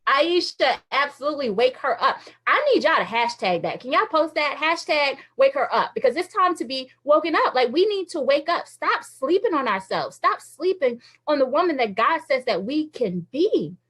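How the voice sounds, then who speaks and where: A woman giving a motivational faith talk to women viewers, animated and laughing often, acting out quoted thoughts in other voices. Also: high voice, moderate pace, few pauses. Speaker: Christian women's ministry speaker.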